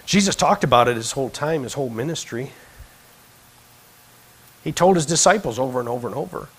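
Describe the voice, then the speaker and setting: A man preaching a sermon in a church, swinging between quiet conversational asides and impassioned, emphatic peaks. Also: medium pitch, lively intonation, brisk, slightly rough, poor audio. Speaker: pastor. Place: church sanctuary.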